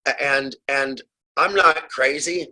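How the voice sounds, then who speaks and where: A man with a husky, slightly breathy voice speaks with urgent, fiery passion as a guest author. He calls out directly to his listeners and pushes them to act. The sound comes over a remote call. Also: medium pitch, steady tone, takes it slowly, sharp tone, poor audio. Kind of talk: impassioned advocacy talk.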